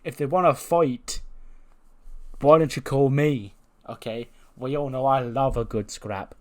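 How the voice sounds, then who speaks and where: A man voicing a burly male wrestler who loves a fight, gruff and boastful. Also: mid-range voice, fairly even intonation, measured pace, lightly acted.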